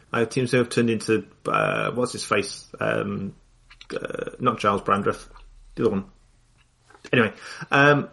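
A man's voice: fairly low pitch, big pitch swings, measured pace, vocal fry, long pauses, bright, forceful tone. A man running a tabletop game on a podcast, joking dryly and reading a news story aloud. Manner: dry joking, reads news text aloud. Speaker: game master. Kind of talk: casual chat and reading aloud.

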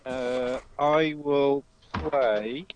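A man's voice: mid-range voice, very slow, darkish tone, a little hiss or hum, low-quality recording. A man playing a tabletop game, speaking hesitantly with stammers and restarts. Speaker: player. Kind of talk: casual table chat.

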